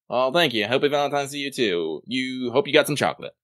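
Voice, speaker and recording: A man co-hosting a podcast in casual chat, making wry, deadpan jokes. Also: fast talker, no echo, studio quality. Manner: wry, deadpan jokes and lively swings in pitch. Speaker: podcast co-host.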